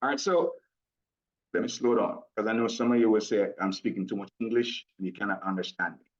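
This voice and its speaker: Excited man with Jamaican-American accent. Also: lowish voice. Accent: mixed Jamaican and American. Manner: excited and fast, breaks into laughter, addresses audience directly. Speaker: presenter at a business launch event. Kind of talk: energetic promotional pitch. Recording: dull lo-fi audio.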